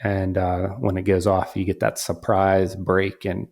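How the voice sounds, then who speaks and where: A man with a fairly low voice recounts a hunt with his son in a relaxed storytelling manner. He talks with animation, acts out bits of dialogue, and often restarts his sentences. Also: unhurried, gravelly. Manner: animated, quotes himself and others, frequent restarts. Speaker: hunter and father telling a hunting story. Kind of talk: casual storytelling.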